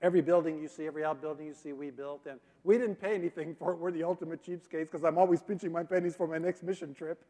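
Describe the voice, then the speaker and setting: A middle-aged man giving a sermon as a guest missionary speaker, telling folksy stories with drawn-out fillers. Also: a little high, steady tone, mellow. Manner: folksy storytelling, drawling fillers. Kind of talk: sermon with a joke and slides. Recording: long hall reverb.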